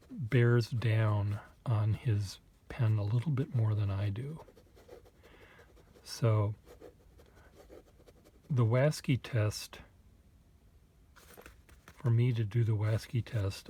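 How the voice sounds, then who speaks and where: Man vlogger, low and mellow, halting and self-mocking, faint hum behind. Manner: halting and self-deprecating, muttered asides. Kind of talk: casual thinking aloud to camera.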